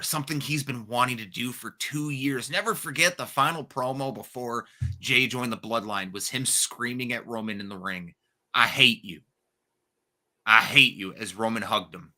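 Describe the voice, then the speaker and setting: A young adult man co-hosting a casual wrestling podcast, telling the story with excited, profane energy. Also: mid-range voice, normal speed. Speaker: podcast co-host.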